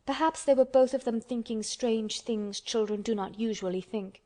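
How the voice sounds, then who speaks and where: Calm woman narrating an audiobook. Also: fairly high pitch, moderate pace. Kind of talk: scripted narration.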